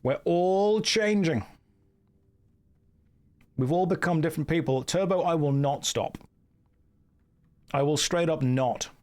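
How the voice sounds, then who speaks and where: Man, British received pronunciation accent, slightly high voice, dry deadpan humor, casual game-stream chat. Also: normal speed, pauses often.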